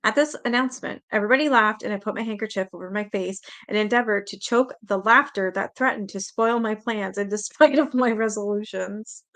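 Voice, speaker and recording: A woman's voice: medium pitch, fairly quick, hardly any pauses, a bit bright. Casual woman reading a memoir aloud. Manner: casual, laughs now and then, stumbles over words. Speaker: reader.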